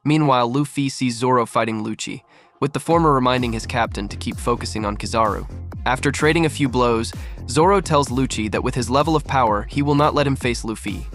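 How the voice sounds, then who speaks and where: A man giving a steady, matter-of-fact scripted recap of an episode's events. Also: medium pitch, brisk, soft background music. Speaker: recap narrator. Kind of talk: scripted narration.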